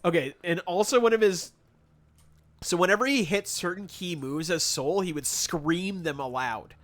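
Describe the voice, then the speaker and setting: Man, live streamer, bright forward voice, somewhat high, animated sarcastic storytelling. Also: normal speed. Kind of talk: casual stream chat while gaming.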